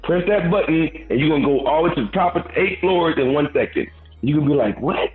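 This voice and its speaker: A man hosting a casual podcast chat, animated and teasing, repeating himself as he talks. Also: a little high, quick pace, soft background music. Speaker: podcast host. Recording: roomy, phone-like sound.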